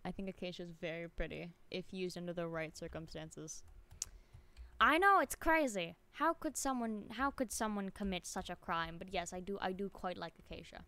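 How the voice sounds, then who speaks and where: A woman livestreaming a game, chatting with viewers in an excitable way and often laughing at herself. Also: lowish voice, clean tone, dry recording. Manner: chats to viewers while playing. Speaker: streamer. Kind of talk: live game stream chat.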